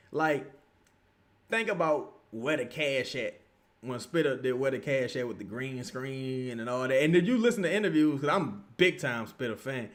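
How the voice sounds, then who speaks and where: Reading out comments from his viewers, a livestream host talks in a loose, profane way. His volume swings from loud outbursts down to low muttering.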